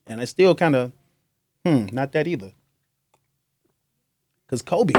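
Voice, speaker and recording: A man's voice: mid-range voice, lively intonation, slow pace, pauses often, darkish tone, a little hiss or hum. A young man hosting a podcast, talking in a loose, joking monologue and laughing often. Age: young adult. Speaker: podcast host. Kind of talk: casual monologue.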